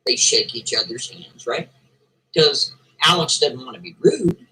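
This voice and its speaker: Animated man telling a story over music. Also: fairly high pitch, normal speed, breathy edge. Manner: animated, chatty, addresses listener with "right?". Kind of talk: casual spoken storytelling. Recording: distant mic with loud music.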